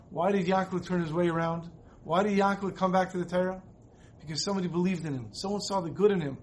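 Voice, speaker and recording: A man's voice: fairly high pitch, a little hiss or hum. A man teaching a Torah class, telling a story earnestly and often repeating his words. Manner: earnest, repeats phrases as he narrates.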